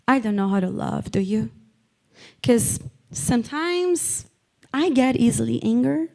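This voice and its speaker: Woman preaching slow and fired up, kinda high voice, repeats herself a lot. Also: vocal fry. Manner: impassioned, repeats lines for emphasis, calls out congregants by name. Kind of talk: sermon.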